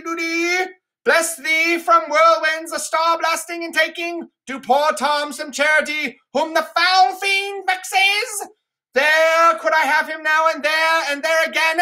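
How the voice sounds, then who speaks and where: A woman's voice: extremely high pitch, pushed and bright, pitched above the performer's own voice, full character voice. A woman voicing a young man who feigns being a raving mad beggar, wild and chanting.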